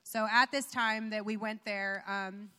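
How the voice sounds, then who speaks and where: A woman's voice: mid-range voice, fairly even intonation, unhurried, pushed and bright. A young woman giving a chatty, personal testimony during a sermon, full of fillers and little laughs. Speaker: pastor's wife sharing testimony. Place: church sanctuary. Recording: reverberant church hall.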